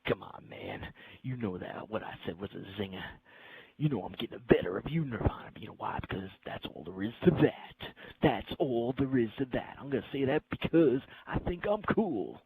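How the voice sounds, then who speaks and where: A man's voice: mid-range voice, animated, normal speed, vocal fry, a little mellow, husky, full character voice, low-quality recording. A man mockingly imitating a cocky, smug young male gamer troll who repeats himself. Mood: smug mockery. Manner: mocking parody, smug and repetitive.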